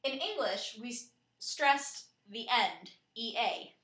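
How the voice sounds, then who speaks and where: A woman narrating a scripted lesson in a clear, steady way, slowing down to spell out and pronounce words. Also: a little high, echoey room. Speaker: teacher.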